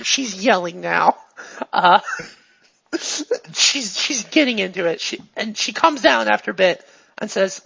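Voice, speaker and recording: Gravelly game master narrating, playful. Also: medium pitch, animated, measured pace, pushed and bright, dull audio.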